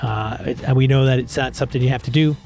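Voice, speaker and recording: A man's voice: medium pitch, fairly even intonation, quick pace, vocal fry, a little mellow. A man with an ordinary mid-range voice hosting a gaming podcast, rambling and often restarting his sentences. His casual delivery comes over faint background music. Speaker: podcast host. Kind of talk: casual chat.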